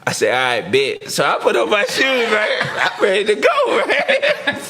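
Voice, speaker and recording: A man's voice: sits high, huge pitch swings, measured pace, bright, forceful tone, a little hiss or hum. A man, a former football player, casually telling a long story on a sports talk show and acting out the quoted lines. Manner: laid-back storyteller who acts out quotes, laughing as he talks.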